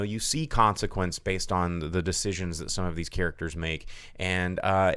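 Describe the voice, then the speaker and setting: Male host, low and smooth, lively casual rambling review chat, dry close sound. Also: dry recording. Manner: rambling, animated, many fillers and restarts. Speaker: podcast host.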